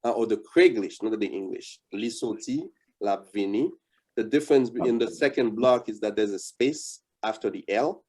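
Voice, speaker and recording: A man's voice: lowish voice, darkish tone. A man, giving a patient, coaching language lesson over a video call. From Haiti. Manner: patient, coaching, repeats words slowly. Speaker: language instructor. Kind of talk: interactive online lesson.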